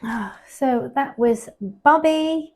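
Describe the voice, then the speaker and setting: Speaking extremely slowly, a woman with a slightly mellow voice vlogs about her work as a pet groomer. Indoors at her grooming salon, she chats and explains, coaxing the dog in a high voice.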